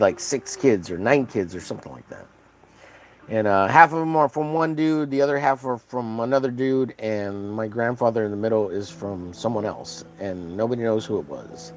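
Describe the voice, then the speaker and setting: A man's voice: medium pitch, gravelly, fairly bright tone, poor audio. A man from Texas with an American accent, chatting casually and rambling with crude jokes while drawing on a stream.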